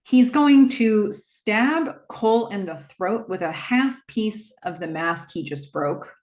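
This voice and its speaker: A woman retelling a movie plot in a casual, chatty way, with quick asides and small acted-out quotes. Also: medium pitch, a little mellow, reverberant. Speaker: movie recap host.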